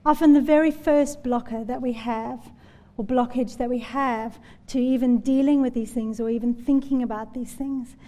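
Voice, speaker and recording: A woman's voice: a little high, steady tone, normal speed, dark tone. A woman preaching a sermon in a church, telling Bible stories in an earnest, conversational way. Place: church hall. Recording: long hall reverb.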